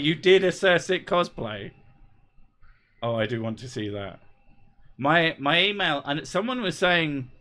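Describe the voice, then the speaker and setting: A man's voice: on the high side, a bit bright. A man chatting casually on a live stream, reading out viewer messages; he is laid-back and sweary, and he laughs often. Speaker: YouTuber reading live chat.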